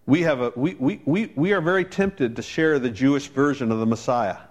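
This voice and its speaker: A man's voice: medium pitch, a little fast. Man preaching a chatty storytelling sermon. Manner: conversational storytelling, wry asides. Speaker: pastor.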